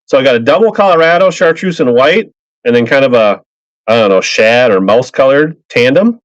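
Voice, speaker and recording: A man's voice: mid-range voice, expressive, a little fast, no room sound. Man, live-selling chat, upbeat and rambling, dry close sound, slightly muffled stream audio. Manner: upbeat, rambling, greets buyers by name. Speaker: live auction seller of fishing lures.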